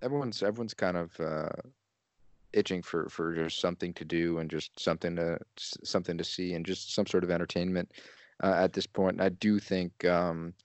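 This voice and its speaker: A man co-hosting a podcast in casual chat, talking in a halting way as he searches for words. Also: deep voice, fairly even intonation, no room sound. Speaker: podcast co-host.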